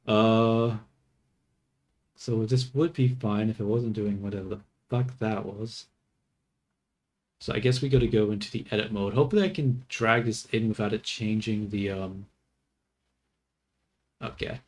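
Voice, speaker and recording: A man's voice: on the low side, fairly even intonation, measured pace, long pauses. A man streaming his 3D work, talking casually to himself as he goes, swearing offhand and laughing at his mistakes. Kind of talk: casual think-aloud commentary while working.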